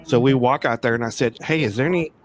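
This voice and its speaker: A man's voice: medium pitch, fast, noisy background. This is a man with a mid-range voice, casually telling a story over a remote call. He rambles, repeats words and restarts his sentences. He grew up in Texas. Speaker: guest.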